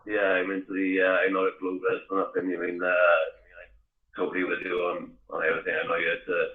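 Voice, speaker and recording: A man calls in and talks in a halting, mumbled way that is hard to follow. His fairly low voice comes through a tinny, phone-like line with a roomy echo. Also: monotone. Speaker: caller. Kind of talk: casual call-in chat.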